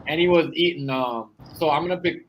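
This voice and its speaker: A man in casual chat about rappers, telling stories in an animated, profane way. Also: on the high side, a little fast, lo-fi sound, a little hiss or hum. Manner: animated, profane storytelling with laughs.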